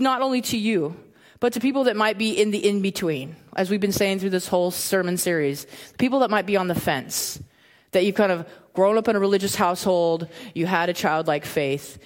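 Animated woman preaching a conversational sermon. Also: on the low side. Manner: conversational, animated, repeats phrases for emphasis. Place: church.

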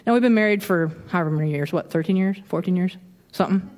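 A woman's voice: fairly low pitch, fast. Woman preaching casually in a reverberant church. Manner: animated, acts out quoted reactions, self-deprecating humor. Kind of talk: casual conversational sermon. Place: church sanctuary. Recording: long hall reverb.

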